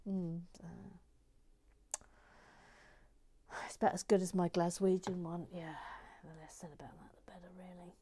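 A woman's voice: medium pitch, animated, unhurried, dark tone. A woman hosting a building stream, chatting casually and with self-mockery as she reads viewer comments, often dropping to a whisper while she concentrates.

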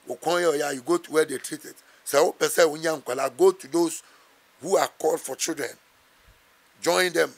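A Ghanaian-accented pastor answers interview questions with earnest, preacher-like conviction, quoting scripture and switching between English and Twi. His voice is slightly high and gravelly.

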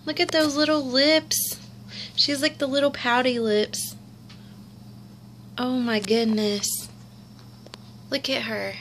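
A woman's voice: high voice, takes it slowly, pauses often, a bit bright, slight background noise. A young woman, cooing and gushing over an unboxing in casual commentary. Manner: gushing and cooing, repeats exclamations. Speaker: vlogger unboxing a doll.

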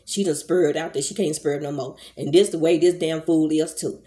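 A woman's voice: low-pitched, fairly even intonation, normal speed, dark tone. A middle-aged woman vlogger delivering a heated, profane rant to her camera, scolding someone and turning to her viewers as y'all. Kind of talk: angry commentary rant to camera.

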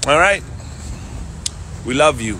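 Vlogger man, unhurried slangy delivery, slightly high voice, phone at arm's length over background music. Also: animated, bright, forceful tone, a little hiss or hum. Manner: laid-back slangy talk to the camera. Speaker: vlogger on a family trip. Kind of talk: casual vlog chat. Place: outdoors on city streets and in a theme park. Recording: music laid under the voice.

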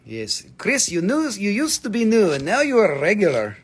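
A man's voice: high-pitched, wildly swooping pitch, normal speed, breathy edge. A man chatting casually and joking with viewers while selling mineral specimens on a livestream, swearing freely. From US East Coast. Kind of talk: casual live-sale chat.

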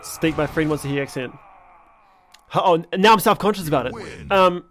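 Excitable man, lively pitch. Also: moderate pace. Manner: excitable, swears and shouts at the game. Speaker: streamer playing a fighting game. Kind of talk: live-stream gameplay commentary.

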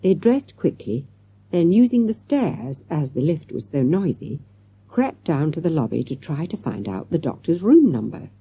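Husky, mellow woman narrating a storybook. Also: low voice, sing-song, normal speed, no echo. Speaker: audiobook narrator.

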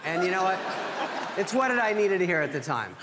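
A middle-aged man delivers a dry, deadpan roast into a stage microphone. His voice is somewhat high for a man. The room is a large reverberant hall, and the live recording is noisy. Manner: dry, deadpan, pausing for punchlines. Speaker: comedian roasting a friend. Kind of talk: stand-up roast speech. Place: theater stage at an award ceremony.

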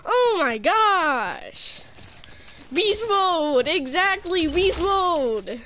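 A woman's voice: high-pitched, big pitch swings, slow pace. A woman giving casual gameplay commentary, playfully trash-talking an opponent. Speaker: gamer. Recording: loud background noise, gunfire.

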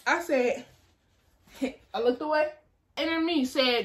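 Young woman, high bright voice, casual storytime vlog, animated delivery. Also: slow pace. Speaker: vlogger.

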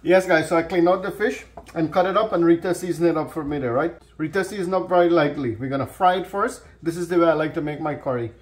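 A man's voice: fairly high pitch, fast, few pauses. Easygoing Guyanese man telling a joke. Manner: easygoing storyteller, relaxed creole grammar. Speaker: cooking channel host. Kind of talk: casual joke telling and cooking chat. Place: home kitchen.

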